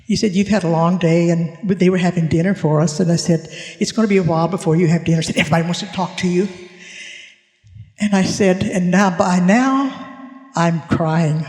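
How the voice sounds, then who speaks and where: Echoing through a conference hall, a high-pitched man's voice with a darkish tone delivers a spiritual talk. The conference speaker recounts a personal story, animatedly performing the dialogue.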